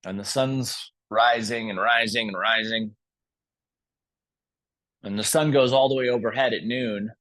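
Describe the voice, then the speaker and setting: A man guiding a restorative yoga class and telling a story in a calm, gentle way. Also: fairly low pitch, unhurried, pauses often. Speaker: yoga instructor.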